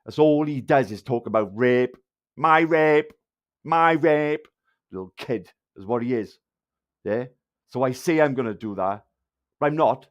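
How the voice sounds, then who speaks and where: A man's voice: mid-range voice, moderate pace, darkish tone, muffled recording. A man with a South Wales Valleys accent ranting angrily at viewers on a livestream, swearing and hurling insults. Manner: angry, insulting, heavy swearing.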